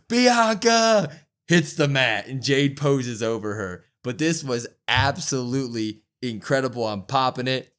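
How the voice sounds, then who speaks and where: Excited man recapping wrestling. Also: mid-range voice. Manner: excited, acts out quotes with raised voice. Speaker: wrestling podcast co-host. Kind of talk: casual recap chat.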